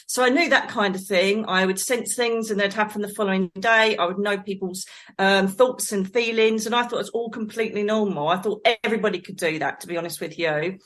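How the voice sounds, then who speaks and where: A middle-aged woman from England, a psychic medium guest telling her life story in a rambling, animated way, laughing often. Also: medium pitch, fairly quick. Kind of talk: conversational storytelling.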